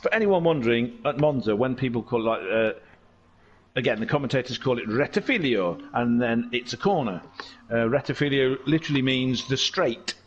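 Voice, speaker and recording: A man's voice: mid-range voice, a little fast, highs cut off, slight background noise. A man giving jokey, rambling live commentary on a sim race. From England. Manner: excitable, jokey, tangent-prone.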